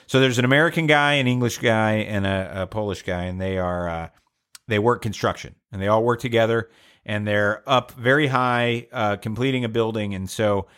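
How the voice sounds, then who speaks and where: A man's voice: on the low side, normal speed, a bit bright, clear, resonant tone. A man hosting a podcast, telling a long joke in a casual, hesitant, rambling way. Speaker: podcast host.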